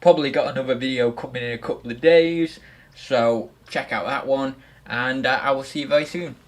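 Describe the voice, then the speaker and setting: A man's voice: mid-range voice, a little fast. A young man hosting a casual livestream, chatty and self-mocking as he rambles on about his new microphone. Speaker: livestream host. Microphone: desktop microphone.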